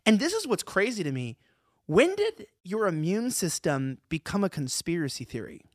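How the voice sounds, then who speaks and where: A man hosting a casual talk podcast, excitable and joking. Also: high-pitched, normal speed, no echo, clean studio sound. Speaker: podcast host. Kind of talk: casual studio talk show.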